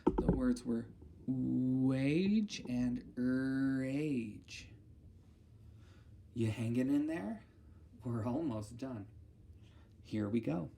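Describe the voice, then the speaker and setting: A woman speech therapist leading a listening lesson, enunciating each target word slowly and carefully, with a patient, encouraging tone. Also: extremely low pitch, creaky, dark tone. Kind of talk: auditory discrimination lesson for children.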